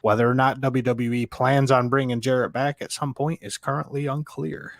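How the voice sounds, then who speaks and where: Male podcast co-host, mid-pitched, steady news delivery, dry sound. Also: normal speed, gravelly, no room sound. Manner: steady, matter-of-fact news reader. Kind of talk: casual chat, reading news items.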